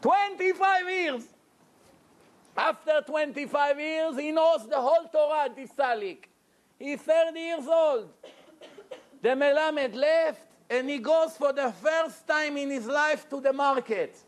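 A man telling a lively, joking story in a Torah lecture and acting out the characters as he goes. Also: very high-pitched, slow. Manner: animated, jokey storyteller who acts out characters. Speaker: rabbi giving a Torah lecture. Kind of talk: storytelling sermon.

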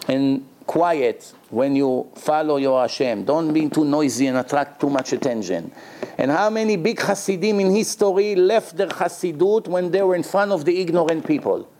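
A man's voice: a little high, a little mellow. Man teaching a religious text. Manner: teaching with examples, non-native English with Hebrew quotes. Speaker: Torah teacher.

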